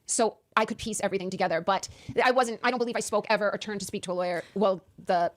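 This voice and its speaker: A woman answering interview questions in an emphatic, animated way, often stammering and restarting. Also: mid-range voice, quick pace. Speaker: interview guest.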